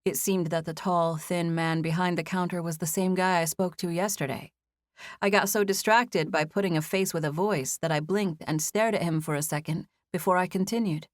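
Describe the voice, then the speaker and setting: Reading a first-person novel for audiobook, a woman keeps an even, measured storytelling pace in a fairly low voice. The studio recording is dry and close-miked.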